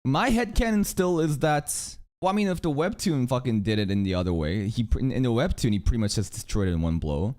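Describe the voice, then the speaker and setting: Male streamer host with an animated pitch, loose and profane while chatting. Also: fast, few pauses. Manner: animated, swears freely, reacts and jokes with chat. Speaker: livestream reaction host. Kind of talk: casual livestream chat.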